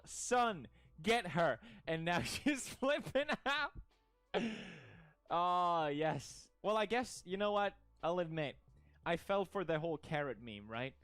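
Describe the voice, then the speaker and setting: A man's voice: sits high, a bit bright, clear, resonant tone, no room sound. A young man from Sweden, streaming casual commentary in a jokey, mock-outraged way and laughing often.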